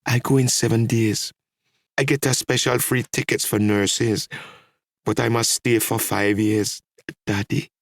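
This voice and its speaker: A man's voice: low voice, steady tone, a little slow, vocal fry, pauses often, no echo, clean studio sound, heavily acted. A man voicing an earnest young Trinidadian woman who works as a nurse.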